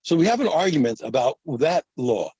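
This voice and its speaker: A man's voice: fairly high pitch, sing-song, fairly quick, mellow, slightly rough, no room sound, low-quality recording. A man teaching a daily Talmud lesson, explaining the cases by acting out both sides of each argument and often repeating words as he goes. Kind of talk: daf yomi Talmud lesson.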